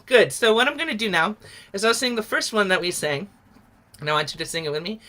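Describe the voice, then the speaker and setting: A woman's voice: medium pitch, animated, quick pace, pushed and bright. A middle-aged woman leading an online singing lesson over a video call, explaining patiently and encouraging everyone to join in. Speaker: song leader.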